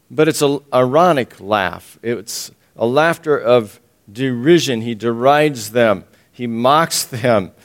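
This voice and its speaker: Male preacher, medium pitch, emphatic Bible-teaching delivery with repeated phrases and throat clearing.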